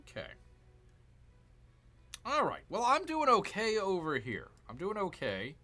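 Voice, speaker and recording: Gaming host, male. Bright voice, unhurried, musing aloud over each move of a strategy game. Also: sits high, wildly swooping pitch. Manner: chatty, talks to himself, cheers and groans at the game. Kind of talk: casual strategy game commentary.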